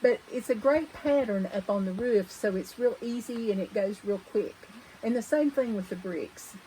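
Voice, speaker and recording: A woman with a drawl talks through her needlework projects in a relaxed, rambling show-and-tell. Her voice sits a little high, and she often stops to fix what she just said. Faint noise hums underneath. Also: normal speed, low-quality recording. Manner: chatty, rambling, corrects herself mid-sentence. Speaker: cross-stitch vlogger host. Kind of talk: casual show-and-tell chat.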